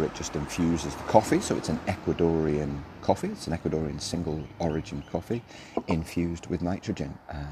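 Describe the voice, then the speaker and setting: A man with an extremely low, deep voice hosts a relaxed solo podcast from a table outside a café. He rambles and cuts himself off mid-thought in an easygoing chat. Clear street noise runs under his voice throughout. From Australia. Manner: chatty, rambling, self-interrupting. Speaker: podcast host. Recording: noisy outdoor street recording. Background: street ambience, birds and passing cars.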